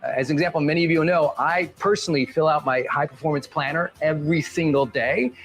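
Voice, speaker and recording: A man with a high voice for his sex talks as a performance coach, quick and playful, firing off rhetorical questions. Faint music plays low behind his speech. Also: fairly bright tone. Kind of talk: motivational talk.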